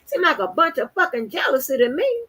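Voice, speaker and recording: A woman's voice: high voice, big pitch swings, brisk, a bit bright. A woman hosting a livestream, talking bluntly and defiantly with heavy profanity and repeated words. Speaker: channel host. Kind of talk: livestream rant.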